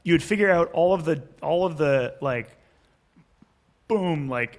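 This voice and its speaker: Brief: man, founder guest, animated storyteller who acts out both sides, slightly higher voice. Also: moderate pace. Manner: animated, acts out investor and founder lines, swears casually. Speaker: podcast guest, startup founder. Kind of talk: casual explanatory interview talk.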